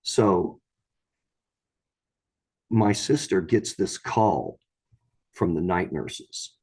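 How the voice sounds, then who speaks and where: Low, dark-voiced man telling a story. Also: expressive, very slow, husky. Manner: rambling, repeats words and restarts, acts out quoted voices. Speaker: storyteller guest. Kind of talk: casual storytelling.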